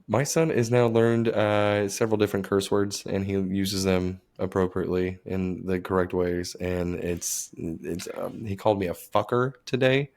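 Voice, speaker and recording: Low-voiced man, wry and casual. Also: fairly even intonation, moderate pace, hardly any pauses, a little mellow. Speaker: podcast co-host. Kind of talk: casual chat.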